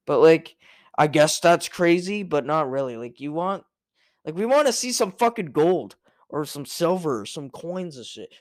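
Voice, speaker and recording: A man's voice: on the high side, no echo, studio quality. A young man hosting a casual solo podcast, rambling and swearing, with many fillers and restarts. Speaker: podcast host.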